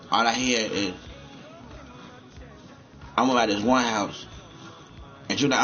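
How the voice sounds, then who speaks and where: A man's voice: on the low side, measured pace, long pauses, fairly bright tone, highs cut off, faint music behind. A man rambling and cursing as he comments on a game he is playing, often repeating himself. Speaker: gamer.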